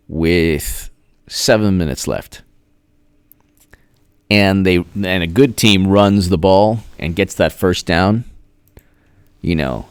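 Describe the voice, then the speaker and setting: A man's voice: low voice, clear, resonant tone, no echo, clean studio sound. A man hosting a casual live stream, rambling as he thanks viewers by name and now and then drawing words out in a sing-song. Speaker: political commentary host. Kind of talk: casual livestream chat.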